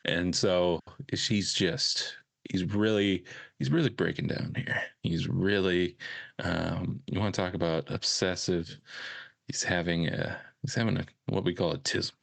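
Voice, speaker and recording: A man with a low, gravelly voice chats casually as a podcast co-host. His talk is loose and rambling, full of joking and swearing. The sound is close and dry. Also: steady tone, measured pace, a bit bright, dry recording. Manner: loose, rambling, profane banter. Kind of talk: casual chat.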